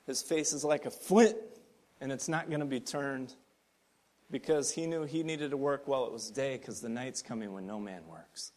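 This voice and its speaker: A male pastor delivering a sermon in a slightly higher-than-usual voice. He speaks earnestly and conversationally, pressing hard on key lines and easing off into quiet asides. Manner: earnest, builds to emphatic points then drops soft.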